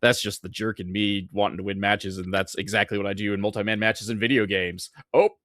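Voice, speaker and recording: A man hosting a casual interview, asking rambling, halting questions with many restarts. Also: on the low side, level tone, pushed and bright, no echo, clean studio sound. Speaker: podcast host.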